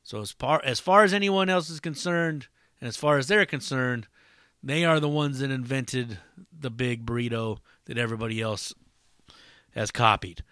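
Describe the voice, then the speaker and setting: A man's voice: mid-range voice, moderate pace, pushed and bright, dry recording, clean studio sound. A man hosting a solo podcast in a casual, rambling, profane way with lots of fillers. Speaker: podcast host.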